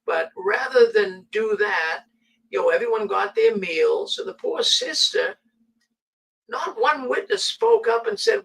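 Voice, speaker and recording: A man hosting a casual talk show, telling stories in an animated way. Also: high voice, unhurried, creaky, husky, recorded from a distance, rough recording. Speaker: host.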